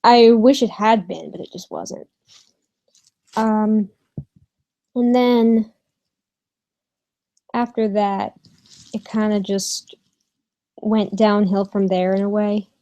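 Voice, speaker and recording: A young woman talks slowly through a personal story in her bedroom, stopping often with ums and restarts. Her pitch sits in a middle range, and her tone stays casual with the odd swear. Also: steady tone, dark tone, muffled recording. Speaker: vlogger.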